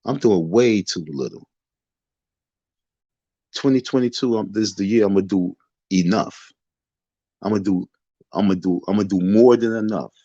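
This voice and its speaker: A man with a lowish voice delivers a defiant, preachy livestream rant, circling back over the same phrases like a sermon. He talks into a phone from his bedroom. The sound is dull and lo-fi, with a close, dry feel and no room echo. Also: moderate pace, long pauses, warm tone. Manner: repetitive, defiant, sermon-like lecturing. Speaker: livestream host. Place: bedroom in the dark.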